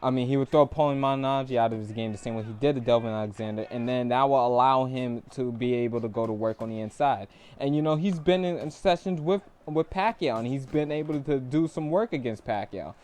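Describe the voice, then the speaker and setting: A man's voice: mid-range voice, a little fast, few pauses. A young man hosting a casual gaming live stream, talking boxing in a laid-back way. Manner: laid-back, breaks into laughter and loud bursts. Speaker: stream host and boxing commentator.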